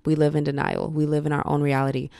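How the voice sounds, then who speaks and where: Young woman podcast host, tired and rambly, low voice, lots of vocal fry. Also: completely flat delivery, fast talker, dark tone, dry recording, clean studio sound. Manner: rambling, chatty, self-mocking. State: tired, late at night. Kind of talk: casual solo podcast chat.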